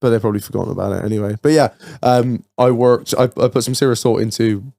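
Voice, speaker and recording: An English man hosting a podcast, telling stories in sweary, animated casual banter. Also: mid-range voice, fast talker, vocal fry, dry recording. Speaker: podcast host.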